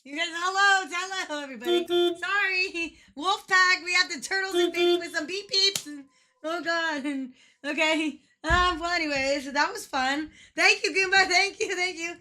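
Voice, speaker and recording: High, bright-voiced playful woman streamer. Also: moderate pace. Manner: playful and giggly, swears casually. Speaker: livestreamer. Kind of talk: casual livestream commentary.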